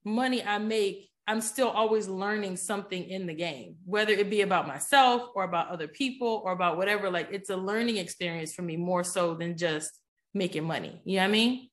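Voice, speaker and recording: A woman guest on a podcast, telling a story in a casual, animated way and often checking in with "you know what I'm saying?". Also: medium pitch, a little fast. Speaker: podcast guest, poker player.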